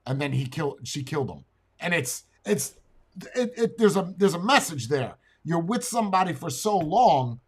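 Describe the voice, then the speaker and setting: A man's voice: fairly high pitch, lively intonation, a little slow, breathy edge. A man co-hosting a casual talk show, blunt in his opinions, who repeats words and stammers as he tells a long story.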